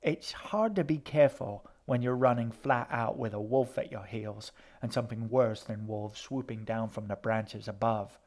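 Sneering bully boy with false cheer, read by a male narrator, menacing and slow at times. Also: on the low side, darkish tone, lightly acted. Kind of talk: audiobook character voice.

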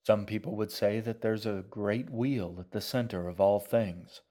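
A man doing a gentle, musing shaggy man. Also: on the low side, close to an everyday voice. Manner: calm, musing, unhurried.

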